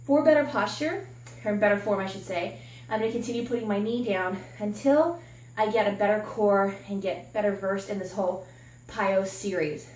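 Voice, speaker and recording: A woman's voice: mid-range voice, moderate pace, a little mellow, far from the mic, slight background noise. A woman fitness coach talking candidly and encouragingly while demonstrating a workout, sometimes slightly out of breath. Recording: echoey room from off-mic.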